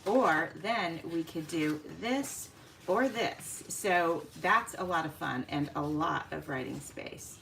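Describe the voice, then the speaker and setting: A woman hosting a casual craft livestream, chatting warmly with viewers by name and laughing often as she works. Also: low-pitched, slow, creaky, a little hiss or hum.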